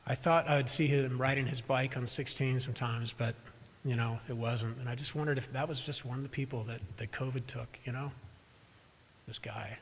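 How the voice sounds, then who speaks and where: A pastor with a medium-pitched voice and fairly even intonation speaks at normal speed in a church sanctuary during a live service. He shares a personal story conversationally, tossing self-deprecating asides to the congregation, with slight background noise and echo from the hall.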